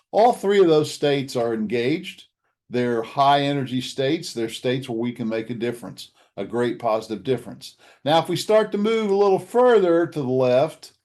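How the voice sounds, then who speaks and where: A man's voice: a little high, darkish tone. A man coaching an audience in a motivational talk, earnestly walking through a slide and offering to send the slides afterward. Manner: offers to email the slides to listeners.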